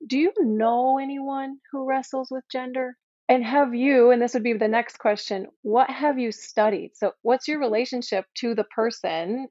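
A woman's voice: medium pitch, darkish tone, no room sound. A woman hosting a Christian podcast, speaking earnestly and pleadingly to her listeners in a pastoral faith talk. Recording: dry, slightly dull recording.

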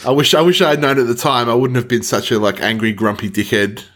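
A man's voice: mid-range voice, fairly even intonation, fast talker, a bit bright. A man rambling through a story on a casual podcast, swearing and laughing as he goes. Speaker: podcast co-host. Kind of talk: casual chat. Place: Melbourne apartment.

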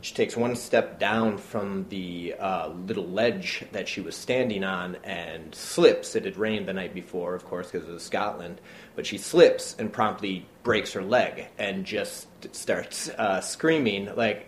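Low-voiced man telling a story in a roomy space. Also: a little slow. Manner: animated anecdote-teller, many fillers, acts out quotes. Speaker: playwright and actor, guest. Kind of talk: casual storytelling chat. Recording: roomy with faint background noise.

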